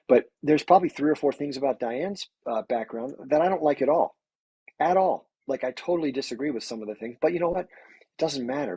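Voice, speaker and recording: Fast-talking husky man on a livestream. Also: medium pitch, darkish tone, dry recording, low-quality recording. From United States. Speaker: livestream host. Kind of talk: casual livestream talk.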